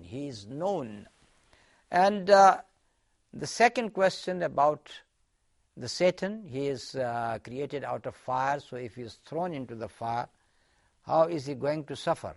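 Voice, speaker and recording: Animated gravelly male scholar. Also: medium pitch. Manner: earnest, explanatory, with fillers and restarts. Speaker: Islamic scholar, lecturer. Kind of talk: religious lecture with storytelling.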